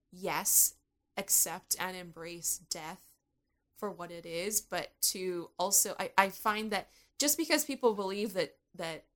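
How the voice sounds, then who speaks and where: A woman with a slightly low voice speaks as a podcast guest. She talks earnestly and thoughtfully, often circling back and restarting as she works out her ideas. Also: fairly bright tone. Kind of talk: casual conversation.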